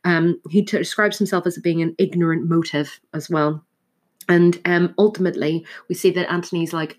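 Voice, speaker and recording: A woman's voice: fairly low pitch, steady tone, normal speed. A woman teaching literature, talking through a play scene line by line with frequent fillers and restarts. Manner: thoughtful, many fillers and restarts.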